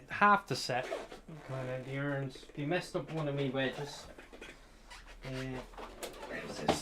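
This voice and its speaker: A man's voice: mid-range voice, background noise. An Irish man streaming and talking straight to his viewers in a loose, casual chat. He rambles from one thing to the next, swears freely and talks between mouthfuls of sweets. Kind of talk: casual chat answering live chat.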